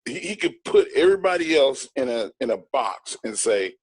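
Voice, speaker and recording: A man's voice: medium pitch, big pitch swings, normal speed, few pauses, slightly rough, no echo. A middle-aged man, a guest in an interview, telling a story in an emphatic, blunt and boastful way.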